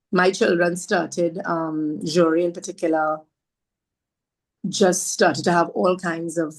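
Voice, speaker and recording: As a guest on a podcast, a woman from Trinidad with a fairly low pitch tells a heartfelt story about herself. She is earnest and devout, warm when speaking of faith, and repeats phrases for emphasis.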